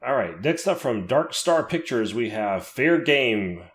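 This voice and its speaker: A man's voice: mid-range voice, sing-song, unhurried. A man co-hosting a horror podcast in casual chat, laughing often and reading release listings aloud. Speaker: podcast co-host.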